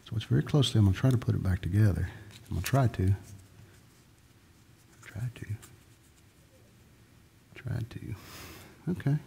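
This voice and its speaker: A man's voice: lowish voice, lively intonation, moderate pace, creaky, pauses often, mellow, long reverb tail, slight background noise. A man from Dallas, Texas, performing magic tricks on a live stream, telling corny jokes in loose, rambling patter.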